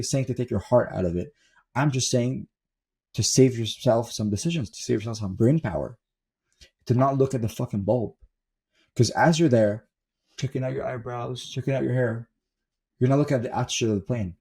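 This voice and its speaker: A man's voice: fairly low pitch, gravelly, warm tone, slightly rough. A young man giving a blunt, profane motivational monologue as a self-improvement coach, talking from the desk in his room at home and repeating words for stress.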